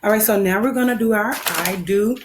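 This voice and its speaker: A woman with a mid-range voice and a Southern American accent speaks a little fast over background noise. She's a first grade teacher patiently guiding young children through a phonics lesson and repeating her instructions.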